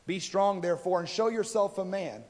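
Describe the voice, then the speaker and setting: A man's voice: sits high, moderate pace, darkish tone. A man preaching a sermon, retelling a story in a casual, conversational way and voicing the people in it. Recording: reverberant hall.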